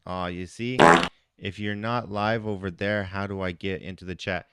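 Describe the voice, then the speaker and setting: Casual chatty male streamer, low voice. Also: steady tone, normal speed, fairly bright tone, smooth, no echo, studio quality. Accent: Canadian English. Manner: chatty, talks to viewers in the chat. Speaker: live streamer. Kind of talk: casual live-stream chat. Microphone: phone.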